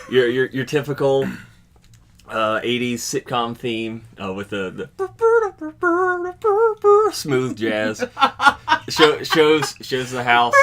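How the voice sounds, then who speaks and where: A young man with a fairly low voice talks through a made-up sitcom idea, stopping and restarting with lots of fillers. It is a loose, casual comedy chat among friends. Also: a bit bright. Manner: halting, many fillers and restarts. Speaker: podcast co-host.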